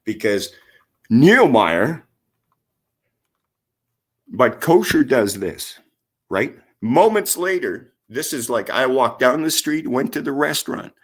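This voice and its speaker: A man's voice: medium pitch, very animated, slow, pauses often. A middle-aged man, ranting to camera in a rambling, heavily profane vlog full of insults. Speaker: vlogger. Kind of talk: angry profane rant to camera.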